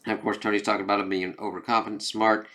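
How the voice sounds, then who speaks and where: A man's voice: on the low side, flat delivery, rapid-fire, sharp tone. A man casually talking through a comic book review, rambling and swearing freely as he retells the story. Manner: profane, rambling retelling full of fillers.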